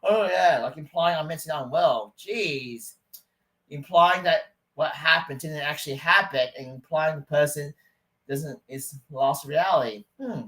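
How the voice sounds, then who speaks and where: A man vlogging a rambling rant, full of restarts and aggrieved asides. His voice sits on the higher side for a man. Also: unhurried, sharp tone, low-quality recording. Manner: rambling, stop-start, aggrieved. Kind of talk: casual rant to camera.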